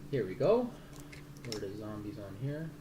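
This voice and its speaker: A man's voice: on the low side, big pitch swings, moderate pace, noisy background. A man running a tabletop game as game master, rambling through the rules and swearing casually. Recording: roomy room sound.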